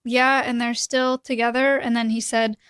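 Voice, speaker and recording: A woman co-hosting a podcast in casual chat, sympathetic and quick to laugh. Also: a little high, flat delivery, a bit bright, clear, resonant tone, no echo, studio quality. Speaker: podcast co-host.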